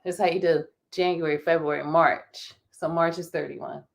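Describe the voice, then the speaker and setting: A woman co-hosting a casual podcast chat, animated, laughing often and restarting her words. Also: sits low, normal speed, vocal fry, slight background noise. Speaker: podcast co-host.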